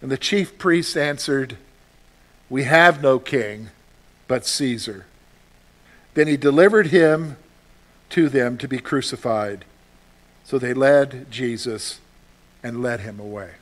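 A man's voice: medium pitch, slow pace, pauses often. A man preaching a sermon as a pastor, reading scripture aloud and answering questions he poses himself, with emphatic delivery.

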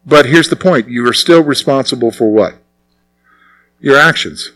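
High-voiced, animated male preacher. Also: normal speed, low-quality recording. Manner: animated, conversational, lots of rhetorical questions. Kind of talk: expository sermon.

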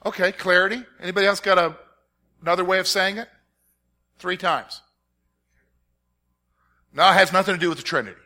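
Bright-voiced man teaching Bible study. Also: high voice, brisk, long pauses. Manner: repeats key points and quizzes his listeners. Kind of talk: interactive Bible study lesson.

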